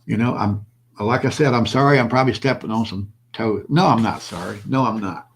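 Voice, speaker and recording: Slight background noise sits under a low-ish male voice talking a little fast. It's an older man hosting his own prepper channel in an impassioned solo vlog monologue, bluntly and preachily addressing his viewers and repeating his points.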